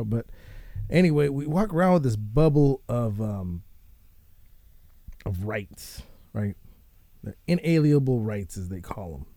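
A man hosting a casual show, ranting and swearing in a rambling, animated way. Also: medium pitch, no room sound. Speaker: podcast host.

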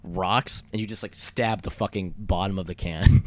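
A man's voice: deep voice, fairly even intonation, moderate pace. A young man casually telling a story, rambling with lots of fillers and swearing. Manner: rambling, many fillers and profanity. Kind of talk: casual chat.

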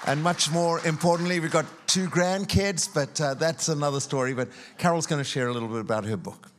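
A man's voice: a little high, quick pace, some chatter behind, a little hiss or hum. A middle-aged man, a guest preacher, makes upbeat announcements and introduces his wife to a church. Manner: upbeat, enthusiastic. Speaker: college president and guest preacher.

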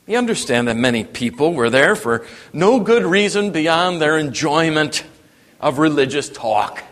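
A man preaching a sermon, dropping to a hush and then rising to emphatic, raised passages. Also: on the high side, lively intonation, unhurried. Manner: wide swings from hushed to emphatic preaching. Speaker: pastor. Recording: long reverb in a hall.

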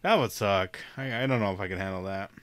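A man's voice: low voice, fast, fairly bright tone, dry recording. A young man in casual chat, laid-back and profane, chiming in with jokes and questions.

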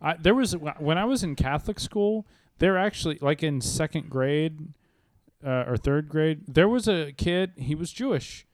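A man casually telling a childhood anecdote on a podcast, with stammering, halting starts. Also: fairly high pitch, lively intonation, no echo. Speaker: podcast co-host.

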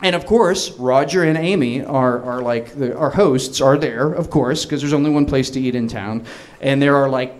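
A man in his thirties telling a long comic story, rambling and excitable, laughing through his words with many restarts. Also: medium pitch, moderate pace.

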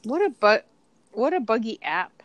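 A woman's voice: on the high side, very animated, moderate pace, a little hiss or hum. A woman co-hosting a podcast who chats casually and often chimes in with short agreements. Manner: agreeable, with many short backchannels. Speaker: podcast co-host. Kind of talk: casual chat.

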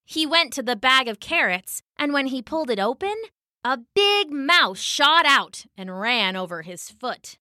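Woman, children's story narration, animated, lilting pitch, dry close-miked sound. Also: a little slow, dry recording.

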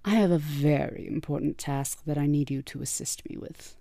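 A woman's voice: deep voice, moderate pace, vocal fry, mellow, dry recording. Starscream, a woman voicing a vain robot schemer. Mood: scheming. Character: scheming male robot commander, vain, dismissive.

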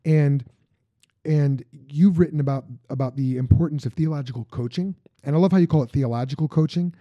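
A man hosting a podcast, chatting casually and haltingly, often restarting sentences. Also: a little high, no room sound. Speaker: podcast host. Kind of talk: casual interview chat. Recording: dull lo-fi sound.

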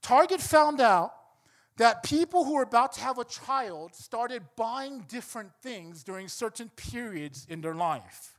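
A man's voice: very high-pitched, animated, a little slow. A man preaching a sermon, telling a story and building to emphatic points. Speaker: pastor.

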